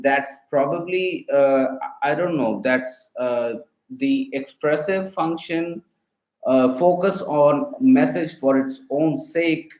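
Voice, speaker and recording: A man's voice: fairly high pitch, takes it slowly, a little mellow, echoey room, poor audio. A man quizzing a voice assistant on linguistics, hesitant, with many fillers and restarts. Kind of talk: spoken questions to a voice assistant.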